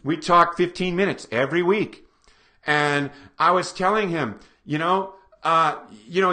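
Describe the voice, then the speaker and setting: A man stands before a small audience and lectures with energy, often throwing rhetorical questions at the room. His voice sits high and bright. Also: a little slow. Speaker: seminar presenter.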